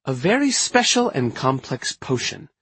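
A man voicing a kind, weary older woman who leads a witches' coven, gentle but firm. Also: medium pitch, very animated, measured pace, breathy edge, dry recording, voice pushed up, full character voice. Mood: calm, firm.

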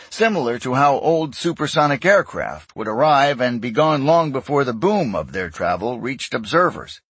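Male audiobook narrator, husky, animated pitch, steady measured read. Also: no room sound. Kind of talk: scripted narration.

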